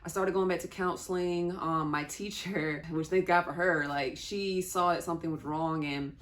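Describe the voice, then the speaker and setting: A woman's voice: lowish voice, steady tone, moderate pace. A young woman telling a personal story in a candid, conversational way, with small laughs between sentences. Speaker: vlogger.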